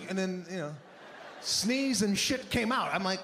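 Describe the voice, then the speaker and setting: A man doing stand-up comedy on stage, animated and exasperated, often shouting his punchlines. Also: high-pitched, moderate pace, a little hiss or hum. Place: comedy stage before a live audience.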